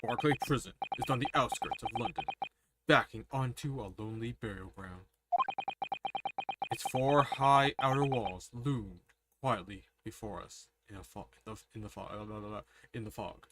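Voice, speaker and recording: A casual streamer reading a story game's text aloud with chatty asides, over loud game music. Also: medium pitch, moderate pace, heavy background noise. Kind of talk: game let's-play narration.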